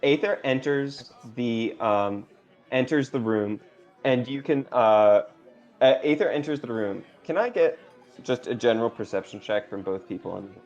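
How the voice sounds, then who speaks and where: A man's voice: mid-range voice, normal speed, a little mellow. A man narrating a tabletop game as game master, hesitant and full of fillers. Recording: dull lo-fi stream audio with faint music.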